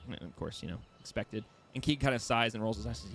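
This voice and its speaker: A man's voice: on the low side, fairly even intonation, fast talker, few pauses, fairly bright tone, a little hiss or hum. Hesitant man narrating as game master. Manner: hesitant, many ums and restarts, descriptive.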